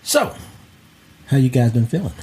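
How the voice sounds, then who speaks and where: A man's voice: mid-range voice, very animated, normal speed, darkish tone, slight background noise. A man hosting a movie podcast, reading the intro and chatting loosely. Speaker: podcast host. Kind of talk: scripted show intro and casual chat.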